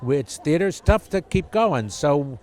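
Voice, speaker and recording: A man's voice: fairly high pitch, very animated, slow, darkish tone. Wry, rambling man at a gala. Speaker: actor and board member. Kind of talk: red-carpet interview.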